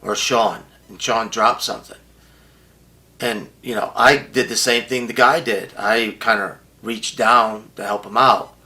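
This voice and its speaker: A man's voice: on the low side, steady tone, a little slow, bright, forceful tone. An older man bluntly telling a profane story as an interview guest, often acting out what others said.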